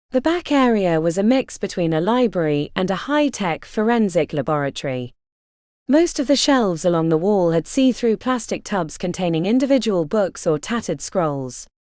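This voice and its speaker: A woman narrating a novel in a measured, expressive audiobook reading. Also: mid-range voice, no room sound, studio quality.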